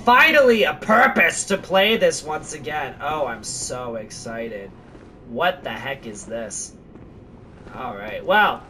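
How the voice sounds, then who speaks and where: A gaming channel host giving let's play commentary, excitable, exclaiming and swearing at the game. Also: medium pitch, far from the mic, a little hiss or hum.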